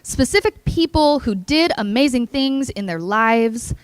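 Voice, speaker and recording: A woman giving an energetic, playful motivational speech at a conference, engaging the audience. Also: fairly high pitch, measured pace, smooth, no echo. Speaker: keynote speaker. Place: conference hall.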